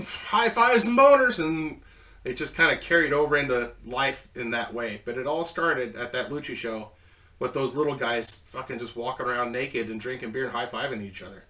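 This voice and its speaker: Man, bright voice, casual storytelling, swears a lot, a bit far from the mic. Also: medium pitch. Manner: rambling, swears a lot, laughs at own story. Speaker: storyteller, ex-wrestler.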